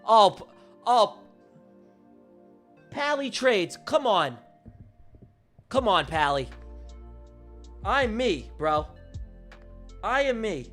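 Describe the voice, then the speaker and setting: A man hosting a live day-trading stream, talking in a brash, profane and excitable way. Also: high voice, very slow, pauses often, faint music behind. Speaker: day trader hosting a livestream.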